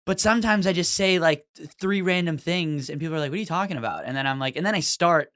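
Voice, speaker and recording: A man's voice: on the high side, fairly even intonation, quick pace, fairly bright tone, smooth, dry recording, studio quality. A young man co-hosting a podcast, a stand-up comedian chatting casually, rambling and swearing, sometimes acting out customers. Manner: rambling, profane, acts out customer voices.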